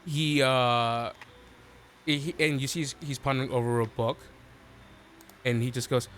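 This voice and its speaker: A man running a tabletop game as game master, narrating in a halting way with many fillers and restarts. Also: mid-range voice, steady tone, fairly bright tone, slight background noise. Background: faint background music.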